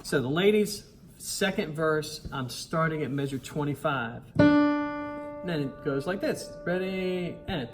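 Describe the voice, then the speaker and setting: A man teaching a choir its parts, singing the lines, counting in and talking in a relaxed, encouraging way over loud piano. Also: fairly high pitch, takes it slowly. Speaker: choir director. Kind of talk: choir rehearsal tutorial. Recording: piano music loud behind him.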